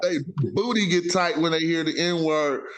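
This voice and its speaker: A man's voice: a little high, normal speed. A man hosting a casual talk show, rambling in loose street slang with frequent self-interruptions. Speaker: podcast host. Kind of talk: casual chat.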